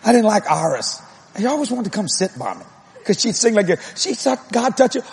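A male preacher with a strikingly high voice that leaps up and down as he tells a funny story from the pulpit. His manner is blunt and folksy, and he breaks into laughter and acts out voices and noises. A faint hiss sits under his voice. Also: a little fast, vocal fry. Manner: animated, laughing, mimics voices and sounds. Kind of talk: humorous sermon storytelling.

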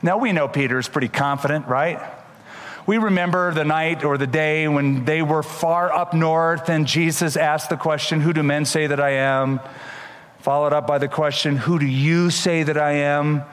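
A man preaching a sermon, retelling scripture with animated, emphatic delivery and shifting voices for the people in the story. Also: fairly high pitch, normal speed, big-room sound. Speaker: pastor.

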